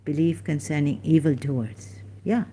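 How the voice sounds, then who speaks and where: An ex-Muslim commentator speaks casually to camera while looking up verses, hesitant and searching aloud with plenty of fillers and restarts. Her voice sits low, warm and husky, and she talks a little slowly.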